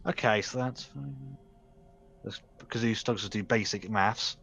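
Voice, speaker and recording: A man's voice: fairly low pitch, moderate pace, creaky, fairly bright tone, slightly rough, soft background music. A man running a tabletop game as game master, teasing players and narrating combat vividly.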